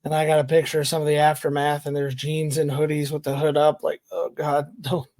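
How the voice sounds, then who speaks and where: A man co-hosting a podcast, chatty and quick to laugh while telling anecdotes. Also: fairly high pitch, completely flat delivery, darkish tone, dry recording, studio quality. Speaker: podcast co-host. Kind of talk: casual podcast chat.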